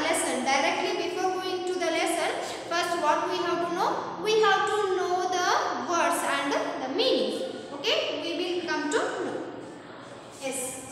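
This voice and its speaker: A woman with a Kannada accent teaching an English vocabulary lesson, explaining slowly and patiently, repeating words and spelling them letter by letter, and switching into Kannada. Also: very high-pitched, fairly bright tone. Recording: echoey classroom, voice from far off.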